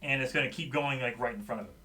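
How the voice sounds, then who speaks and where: A man's voice: mid-range voice, very fast, pushed and bright, distant mic. A man running a tabletop game as game master, laughing often.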